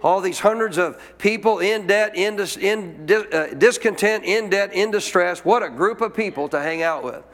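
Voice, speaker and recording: A man with a notably high voice delivers a church sermon, punching his points with emphasis. He keeps throwing questions at the congregation and repeating key lines for them to take in. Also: moderate pace, few pauses, a bit bright. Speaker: preacher.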